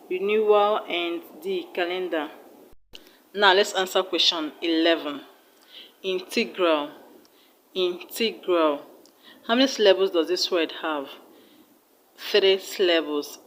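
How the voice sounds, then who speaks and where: Patient Nigerian woman teaching, lowish voice. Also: slow pace, pauses often, a little hiss or hum, low-quality recording. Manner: patient, repeats each word and sounds it out by syllable. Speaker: English teacher. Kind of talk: online exam-prep lesson.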